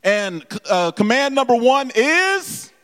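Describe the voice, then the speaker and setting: Male preacher, high voice, halting delivery, long hall echo. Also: big pitch swings, fairly bright tone. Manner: halting with many repeated words and fillers, addresses the congregation directly. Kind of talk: sermon.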